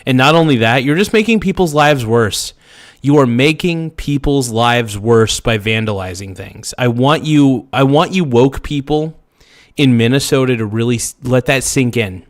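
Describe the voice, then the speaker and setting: A man's voice: medium pitch, normal speed. A man hosting a show, reacting angrily to footage in a heated political rant that keeps repeating itself. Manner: angry, ranting, repeats himself.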